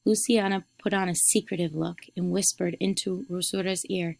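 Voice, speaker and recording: A woman who teaches eighth grade reading, giving instructions and reading a story aloud clearly for her students. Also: fairly low pitch, steady tone, normal speed, few pauses, darkish tone, dry recording, clean studio sound.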